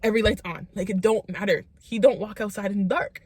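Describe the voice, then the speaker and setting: A woman telling a story to her channel's viewers in a casual storytime vlog. She is animated, says "like" a lot and acts out what people said. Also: mid-range voice, fast talker, husky. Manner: animated, lots of "like", acts out quotes.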